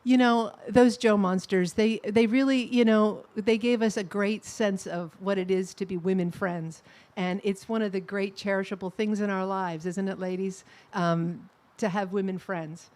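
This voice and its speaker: A middle-aged woman giving a personal eulogy at a memorial service, telling fond anecdotes with soft laughs. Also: medium pitch, steady tone, normal speed, hardly any pauses.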